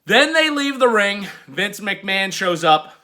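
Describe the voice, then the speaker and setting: A man's voice: sits high, big pitch swings, measured pace, bright, forceful tone. A man hosting a podcast, giving a laid-back, chatty wrestling recap. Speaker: podcast host.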